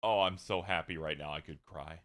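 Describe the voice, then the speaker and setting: A man voicing a calm, earnest young mother who gently teases her husband. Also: deep voice, normal speed, pitched below the performer's own voice. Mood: gentle.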